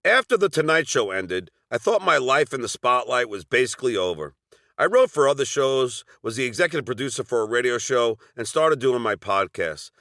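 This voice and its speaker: A man's voice: mid-range voice, big pitch swings, brisk, sharp tone, dry recording, clean studio sound. A middle-aged man with a Long Island accent narrating a personal story from a script, with wry, sardonic asides.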